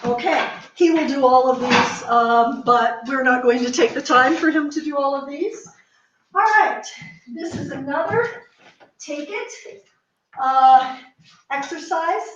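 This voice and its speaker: A woman's voice: high voice, measured pace, dull audio. Distant echoey woman coaxing her dog. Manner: coaxing, repeating short praise and commands to a dog. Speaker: search and rescue dog handler. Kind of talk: training demonstration with running explanation. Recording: very echoey room, mic at a distance, faint noise.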